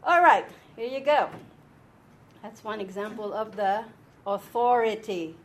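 A woman's voice: medium pitch, unhurried, a little hiss or hum. A woman teaching an informal Bible and Hebrew lesson to a small group, explaining step by step and often checking that her listeners follow.

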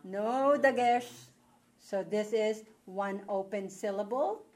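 A woman's voice: mid-range voice, takes it slowly, darkish tone. A woman teaching a Hebrew reading class, patiently checking that her students follow along. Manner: patient, checks understanding with "okay?". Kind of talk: classroom lesson.

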